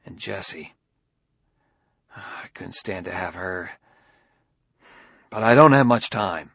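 An actor playing a tense, hunted police detective who reasons out loud urgently and anxiously in an audiobook. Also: male voice, sits low, animated, takes it slowly, creaky, breathy edge, exaggerated voice. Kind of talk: audiobook dialogue reading.

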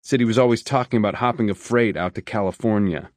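A man's voice: on the low side, fast, no room sound, clean studio sound, close to an everyday voice. A man voicing a chatty, insistent male railroad loader in an audiobook. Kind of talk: audiobook character voice.

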